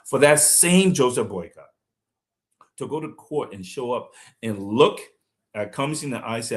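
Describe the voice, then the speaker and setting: A man's voice: medium pitch, lively intonation, moderate pace. A man from Liberia giving fiery, combative political commentary on a live stream, speaking emphatically.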